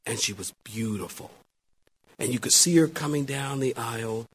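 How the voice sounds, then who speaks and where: A middle-aged man, a pastor, preaching a sermon and telling a story, swinging between loud exclamations and hushed asides. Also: mid-range voice, normal speed, slightly rough.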